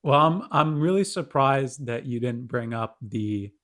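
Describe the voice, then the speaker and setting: A young man co-hosting a podcast, chatting casually with quick, wry remarks. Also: mid-range voice, lively intonation, fairly bright tone. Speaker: podcast co-host. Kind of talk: casual chat.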